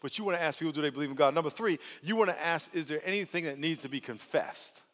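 A male pastor preaching a lively, playful sermon that swings from soft asides to loud outbursts. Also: on the high side, fast. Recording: long hall reverb.

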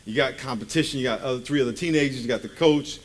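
A man's voice: mid-range voice, quick pace. A man in his forties preaching a conversational sermon in a church, joking and firing rhetorical questions at the congregation.

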